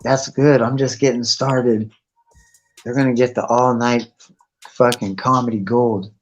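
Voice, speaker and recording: A man with a mid-range voice and fairly even intonation speaks at a measured pace as a guest in a live stream chat. The conversation is a casual ramble full of constant swearing, and the lo-fi stream audio is muffled, with faint music.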